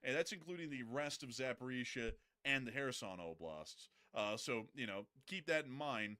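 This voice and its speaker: A man hosting casual live news commentary, mixing joking asides and quick self-corrections into the updates. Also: medium pitch, animated, sharp tone.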